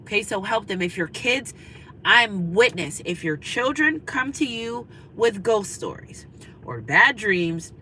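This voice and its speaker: A woman's voice: medium pitch, big pitch swings, measured pace, sharp tone, a little hiss or hum, poor audio. A woman in her thirties, a spiritual reader, giving a casual, preachy pep talk to her viewers and repeating her points for emphasis.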